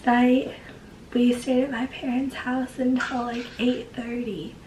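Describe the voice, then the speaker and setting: Brief: young woman vlogger, sick and hoarse, chatty, higher voice, roomy kitchen sound from off-mic, household clatter behind. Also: level tone, unhurried, distant mic, background noise. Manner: chatty, rambling, lots of "like". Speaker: vlogger and mother. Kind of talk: casual home vlog talk. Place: home kitchen and garden.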